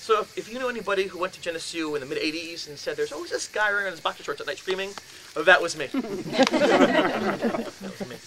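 A man in his fifties telling a ghost story to an audience, acting out his own voice with shouts and laughs. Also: high voice, expressive, rapid-fire. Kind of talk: animated storytelling lecture. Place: lecture in a house. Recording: noisy room recording.

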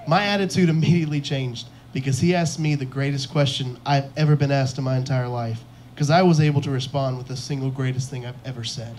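A man's voice: medium pitch, steady tone, fast, few pauses, darkish tone, slight background noise. A young man doing a stand-up comedy set on a club stage, telling self-mocking stories and acting out the lines of the people in them. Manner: self-deprecating storytelling, acts out quotes.

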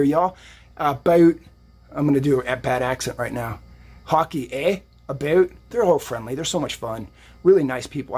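A man's voice: on the high side, a little mellow, husky. A man giving a casual, motivational live-stream tarot reading while lifting weights, rambling and upbeat. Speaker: psychic and fitness streamer.

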